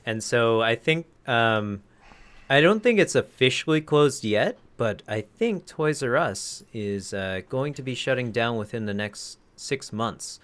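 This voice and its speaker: A man's voice: mid-range voice, expressive, a little slow, fairly bright tone. A man co-hosting a casual podcast, telling a rambling story that he keeps correcting as he goes. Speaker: podcast co-host. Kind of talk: casual chat.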